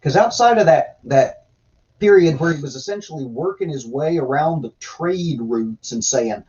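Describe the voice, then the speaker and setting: A man chatting casually on a livestream, with a lively, swooping delivery full of irreverent jokes. His voice comes through slightly dull and lo-fi, like budget streaming audio. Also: fairly high pitch, normal speed. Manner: irreverent, joking, reads chat aloud. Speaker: host reading and commenting on scripture.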